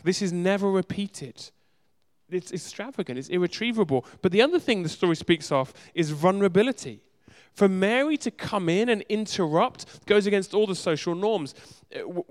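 A man preaching a sermon with emphasis, firing off rhetorical questions and repeating words for stress. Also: fairly high pitch. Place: church in a city.

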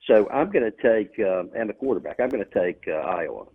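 A man calling in as a guest on a radio sports show, giving measured picks with hesitant fillers over the phone. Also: lowish voice, very animated, breathy edge. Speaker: guest on call-in. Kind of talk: casual radio chat. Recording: tinny phone line.

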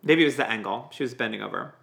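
A woman co-hosting a podcast, recapping a TV episode in a blunt, opinionated and excitable way. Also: a bass voice, rapid-fire, creaky. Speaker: podcast co-host. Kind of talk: casual recap chat. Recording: roomy echo.

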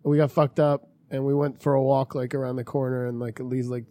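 A man's voice: medium pitch, flat delivery, fairly quick, warm tone, dry recording. A man co-hosting a podcast who tells stories in a laid-back way and laughs often. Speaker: podcast co-host. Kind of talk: casual chat.

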